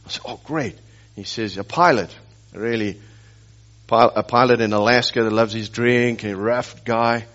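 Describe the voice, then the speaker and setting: A man's voice: lowish voice, level tone, normal speed, fairly bright tone. Male pastor preaching, slightly muffled recording. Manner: storytelling, rhetorical questions, emphatic repetition. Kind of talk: sermon.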